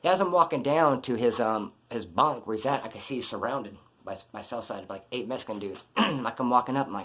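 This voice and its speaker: Man, fast-paced, blunt, profane, street slang, storytelling vlog. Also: mid-range voice, animated, fairly bright tone, husky. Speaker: vlogger telling a prison story. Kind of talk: casual storytelling.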